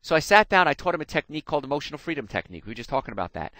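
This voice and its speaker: Speaking very fast in a voice on the high side, this radio health show host is a middle-aged man from New Jersey, USA, with a faint accent from there. His style is folksy storytelling, lively and aimed right at the audience, captured on a studio mic without echo.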